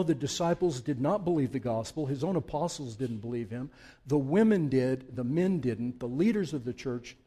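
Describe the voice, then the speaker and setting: A man's voice: a little high, dark tone. A man preaching an unscripted sermon to his congregation, talking from the heart in a conversational way that builds to fervent emphasis. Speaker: pastor. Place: church sanctuary.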